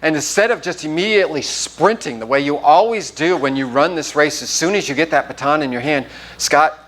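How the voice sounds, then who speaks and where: A man's voice: on the high side, a little fast. A man preaching a sermon as pastor, telling a personal story and acting out the dialogue. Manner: animated storytelling, acts out the dialogue. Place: church sanctuary.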